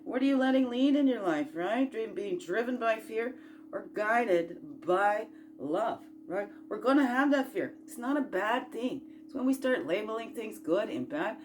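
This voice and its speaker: A woman's voice: a little high, lively intonation, unhurried, faint music behind. Rambling, playful woman coaching self-growth. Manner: rambling, playful, folksy and encouraging, with asides and rhetorical questions; swings between loud bursts and quiet murmurs. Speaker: spiritual self-growth host. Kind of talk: casual motivational chat.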